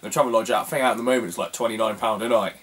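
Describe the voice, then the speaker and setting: A man's voice: lowish voice, fairly even intonation, rapid-fire, a bit bright, breathy edge, far from the mic. A young man chatting casually about his retro game finds, rambling with lots of fillers and frequent laughter. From England. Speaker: retro game collector vlogger. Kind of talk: casual chat.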